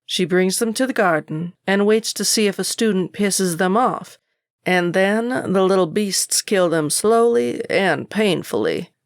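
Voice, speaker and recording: Woman playing a gravelly, scornful groundskeeper, audiobook, swears. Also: lowish voice, expressive, a little slow, hardly any pauses, no echo, studio quality. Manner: scornful, cursing, talks down. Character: gruff, irritable middle-aged male groundskeeper. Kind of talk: audiobook character voice.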